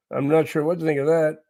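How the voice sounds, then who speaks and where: A man's voice: a little high, little pitch movement, moderate pace, dark tone. A man hosting a live stream, reading viewer comments aloud and answering them in an earnest, repetitive, casual way with frequent chuckles. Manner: earnest, repeats himself, chuckles often. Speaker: livestream host reading chat.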